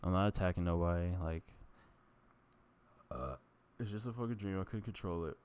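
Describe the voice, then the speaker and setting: A man's voice: deep voice, moderate pace, a little mellow, smooth. A young man talking to his camera in a rambling casual monologue, meandering and interrupting himself, laughing at his own stories. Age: young adult. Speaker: vlogger. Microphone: camera mic.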